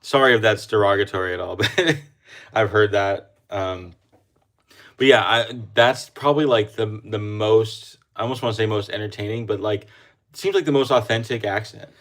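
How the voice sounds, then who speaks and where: Easygoing low-voiced young man. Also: normal speed, fairly bright tone. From United States. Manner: easygoing, rambling with restarts and laughs. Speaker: co-host of coin livestream. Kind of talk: casual livestream chat.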